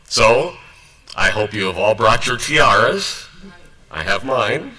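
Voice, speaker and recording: A man's voice: on the low side, animated, slow pace, pushed and bright, distant mic, poor audio. A man introducing a seminar speaker with a light, joking manner. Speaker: event host introducing the speaker. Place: seminar room at a trade show.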